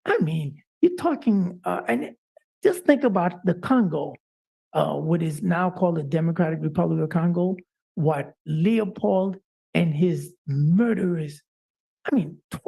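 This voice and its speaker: Man, talk show co-host, gravelly voice, dark tone, impassioned, lots of uh fillers. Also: sits high, animated, unhurried. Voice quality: frequent "uh" fillers. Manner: impassioned, preacher-like delivery. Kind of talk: live-streamed talk show monologue.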